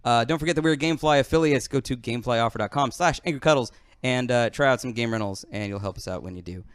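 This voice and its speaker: Brief: casual podcast host, a man, rambling, smooth dry close-mic voice. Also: medium pitch, no room sound. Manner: rambling, lots of fillers, quick bursts.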